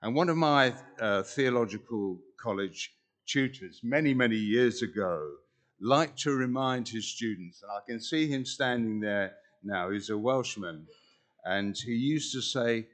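A man preaching a sermon in an earnest, measured way, pausing deliberately between phrases. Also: mid-range voice, a bit bright.

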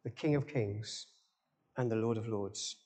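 A man preaching a sermon, emphatic, with dramatic pauses and rising exclamations. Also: on the low side, mellow. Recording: long hall reverb.

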